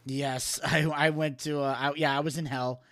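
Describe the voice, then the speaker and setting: Another casual podcast chat finds this man rambling through stories full of filler words, now and then breaking into cartoon voices. His voice is on the high side and fairly bright, with little pitch movement, at a normal speed.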